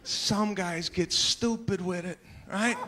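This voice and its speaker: A man doing a stand-up comedy routine, exasperated and acting out characters, building to shouts. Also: high voice, slow. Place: comedy stage before a live audience. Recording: live show with crowd laughter and noise.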